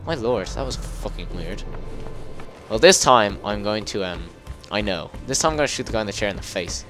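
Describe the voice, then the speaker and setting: A man with a lowish voice gives an excitable running commentary over his gameplay, swearing freely and bursting into yells. Game music plays clearly behind him the whole time. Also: fairly quick. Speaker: gameplay video host. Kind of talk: let's play commentary. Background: game music and sound effects.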